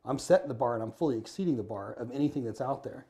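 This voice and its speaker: Middle-aged man with a mellow voice. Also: mid-range voice, rapid-fire. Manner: animated, acts out dialogue while telling stories. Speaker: guest, former firefighter and business owner. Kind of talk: casual interview storytelling. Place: Arizona.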